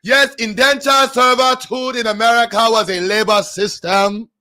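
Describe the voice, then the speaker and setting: A man reading text aloud in a put-on African accent, loud and theatrical. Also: extremely high pitch, fairly even intonation, moderate pace, faint music behind, pitched above the performer's own voice, exaggerated voice. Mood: mock-stern.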